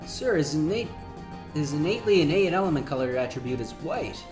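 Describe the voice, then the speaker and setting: A man's voice: fairly high pitch, lively intonation, fairly quick, music in the background, lightly acted. A man voicing a bumbling male henchman soldier who speaks in a fussy, overly polite way.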